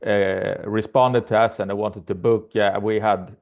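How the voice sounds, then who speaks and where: A man, a band's guitarist and lead singer, answering interview questions in English with many pauses. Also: fairly low pitch, fairly even intonation, gravelly, narrow, tinny audio. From Sweden.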